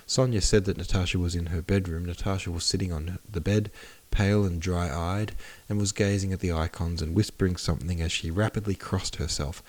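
Deep-voiced male audiobook narrator. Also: steady tone, fairly quick, hardly any pauses, darkish tone. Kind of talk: scripted narration of a classic novel.

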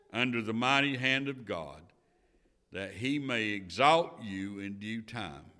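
In a mid-range, slightly bright voice, this man teaches a Bible lesson in preaching style. He is earnest, repeats phrases to stress them, builds to firm rising declarations, and quotes scripture in King James English; he is a Sunday school teacher.

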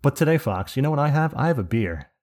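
A man's voice: medium pitch, big pitch swings, fast talker, darkish tone. A man co-hosting a podcast in casual chat, profane and opinionated, going off on rants. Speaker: podcast co-host.

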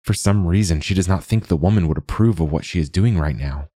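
Deep-voiced male audiobook narrator. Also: fairly quick, dark tone, no echo.

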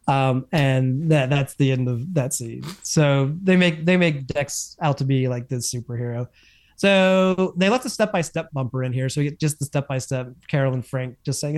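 A man co-hosting a casual chat, recapping TV episodes in an animated way with lots of fillers and restarts. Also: on the high side, moderate pace. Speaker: podcast co-host.

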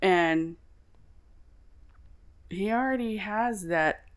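A woman's voice: medium pitch, extremely slow, smooth. A woman co-hosting a podcast in casual chat, swearing freely and laughing often. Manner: swears a lot, lively storytelling, laughs often. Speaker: podcast co-host.

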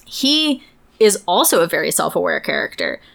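A woman's voice: fairly low pitch, big pitch swings, moderate pace, gravelly, a bit bright. A young woman co-hosting a podcast, speaking enthusiastically and with strong opinions in casual chat. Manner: enthusiastic, opinionated, many "like" fillers. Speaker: podcast co-host.

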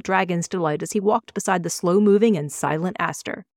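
Woman, author reading a fantasy novel, measured narration, low voice, dry close sound. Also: a little mellow, no room sound, faint music behind. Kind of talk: audiobook reading.

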